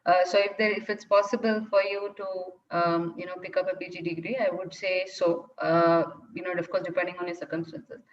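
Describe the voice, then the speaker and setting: A woman's voice: on the low side, flat delivery, a little fast, hardly any pauses, slight background noise. A woman speaking in an online Q&A session, answering thoughtfully with many fillers and restarts. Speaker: data science speaker answering questions. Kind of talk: online Q&A talk. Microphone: video call. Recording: distant, dull lo-fi call audio.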